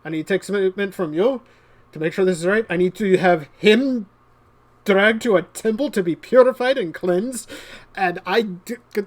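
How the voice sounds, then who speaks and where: A man's voice: high-pitched, normal speed, natural voice. A man playing a flustered captain of the guard who stammers and restarts his sentences.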